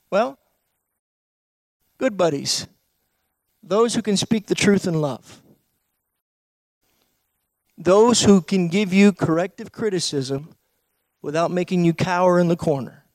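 A male pastor preaching a sermon, emphatic, full of rhetorical questions and swings from loud to hushed. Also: sits high, slow pace, long pauses, no echo.

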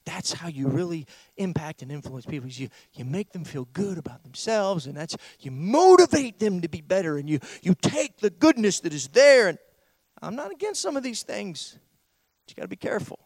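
A man preaching a sermon as pastor, swinging from hushed asides to loud, raised declamation. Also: sits high, sing-song, fairly quick, breathy edge, no room sound.

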